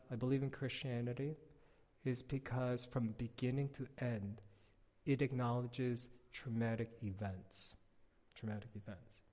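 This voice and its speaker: Male pastor, mid-range voice, chatty storyteller's sermon, long hall echo. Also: medium pitch. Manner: casual, animated storytelling with frequent filler words. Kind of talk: conversational sermon.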